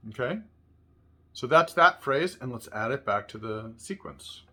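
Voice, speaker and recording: A patient man teaching a music lesson, explaining each phrase step by step at a middling pitch. He sometimes sings rhythm syllables to demonstrate. Loud violin playing fills the background. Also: expressive, measured pace. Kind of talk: instructional lesson with sung syllables.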